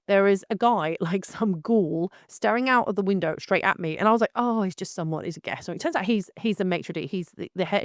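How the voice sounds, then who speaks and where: A woman wedding photographer telling a story and ranting to camera in a lively, exclaiming way. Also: medium pitch, no echo, clean studio sound. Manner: animated, exclaiming, laughs through the story. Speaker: wedding photographer, channel host. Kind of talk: casual storytelling and rant to camera.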